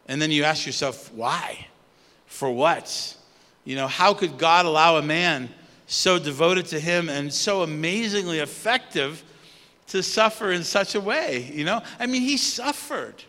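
High, bright-voiced man preaching in a hall. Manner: conversational, halting with fillers and restarts. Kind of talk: sermon. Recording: long hall reverb.

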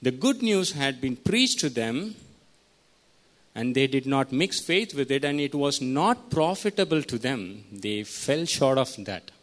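A man delivers a teaching sermon at a mid pitch. He reads through scripture, tells his listeners which words to underline and keeps putting questions to them. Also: big pitch swings, unhurried. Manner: teaching, asks the congregation questions. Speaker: preacher.

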